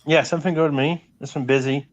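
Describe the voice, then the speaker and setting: A man's voice: fairly high pitch, steady tone, quick pace. A man dropping into a livestream as a guest, giving brief, offhand replies. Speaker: call-in guest. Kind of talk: casual live chat. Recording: dull lo-fi call audio.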